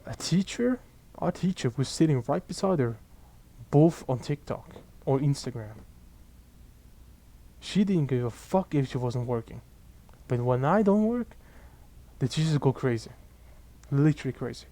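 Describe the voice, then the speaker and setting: A young man, ranting casually and profanely to camera in an exasperated, animated way. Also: mid-range voice, unhurried, pauses often. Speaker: vlogger.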